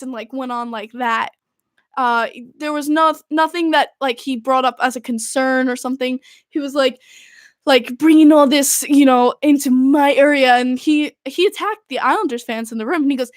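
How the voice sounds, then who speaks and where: High-voiced young woman, dry close sound. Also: moderate pace, no room sound. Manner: animated, exasperated storytelling full of "like". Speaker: podcast host. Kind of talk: casual recounting.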